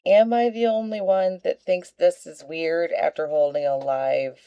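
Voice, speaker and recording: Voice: mid-range voice, fairly even intonation, measured pace, dark tone, smooth, dry recording. Blunt commentator, dull lo-fi sound. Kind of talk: reaction commentary.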